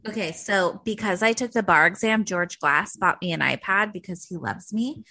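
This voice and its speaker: A young woman chats animatedly as a podcast co-host, swearing freely along the way. Her voice sits at an ordinary pitch. The sound is dry and close, with no room around it. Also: moderate pace, sharp tone, no echo. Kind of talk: casual chat.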